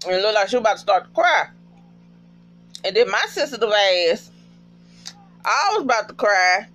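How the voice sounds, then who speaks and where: A man with a high, lively voice gives a casual video recap of a TV episode. His pitch leaps all over as he tells it. He talks in a profane, emotional, animated way. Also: moderate pace, long pauses.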